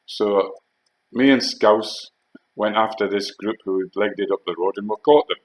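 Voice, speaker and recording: A man's voice: lowish voice, moderate pace, low-quality recording. An older man, a former soldier, telling war stories in a blunt, heated way, swearing and firing off rhetorical questions. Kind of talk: heated spoken monologue.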